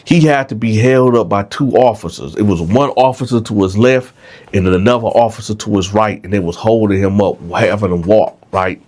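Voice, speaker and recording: A man's voice: lowish voice, fairly quick, a little mellow. A man telling a jail story casually, often checking in with the listeners. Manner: conversational, frequent "right?", addresses listeners.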